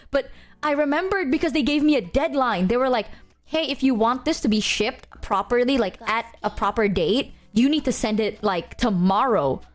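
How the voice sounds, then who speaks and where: Animated woman ranting to her stream. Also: on the high side. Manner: animated, emphatic ranting with frequent swearing. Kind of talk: casual chat to stream viewers.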